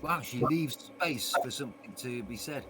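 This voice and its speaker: A man's voice: mid-range voice, expressive, moderate pace, noisy background. A man playing a tabletop game, stammering and hesitant as he speaks for his character. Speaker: player.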